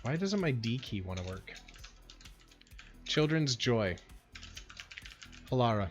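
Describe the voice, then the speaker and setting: A man chatting casually on a livestream, rambling and slangy and full of "like" and "bro.". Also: on the high side. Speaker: livestream streamer. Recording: dull lo-fi sound with faint music.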